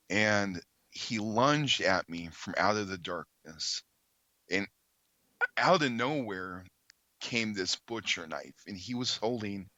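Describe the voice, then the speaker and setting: A man, a podcast guest, earnestly telling a story in conversation, halting with many ums and restarts. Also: lowish voice, sharp tone, no echo, highs cut off.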